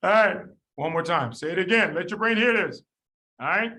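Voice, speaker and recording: A man tutoring medical students in a lively class, quizzing them by name and repeating the key points. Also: high-pitched, moderate pace, low-quality recording. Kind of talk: lively classroom teaching with drills.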